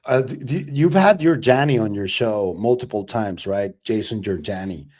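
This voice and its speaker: Male podcast host, low-ish voice, laid-back and curious. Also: moderate pace. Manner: relaxed, curious, swears casually. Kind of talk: casual chat.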